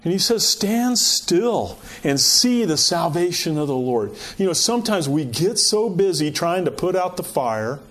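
Animated man preaching a conversational sermon. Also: fairly high pitch, measured pace, few pauses. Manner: animated, rhetorical questions, frequent "you know".

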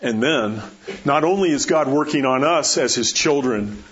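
A man's voice: mid-range voice, animated, moderate pace, fairly bright tone, slight background noise. A man pastor preaching a sermon, emphatic and storytelling, repeating rhetorical questions. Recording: dull lo-fi recording.

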